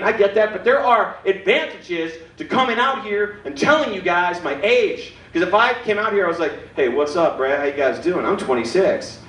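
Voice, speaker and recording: A self-deprecating stand-up comic in his forties works a club stage in a fairly high voice. He is heard from a little way off the mic, in a roomy room with a faint hum of ambience behind. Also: a bit bright, distant mic. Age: 40s. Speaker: stand-up comedian. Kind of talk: stand-up comedy set. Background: audience laughter.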